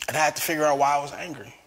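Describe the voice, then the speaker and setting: A man giving a personal testimony as a guest, an animated talker who laughs often. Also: a little high, in a large hall. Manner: lively, laughs often, calls himself a talker.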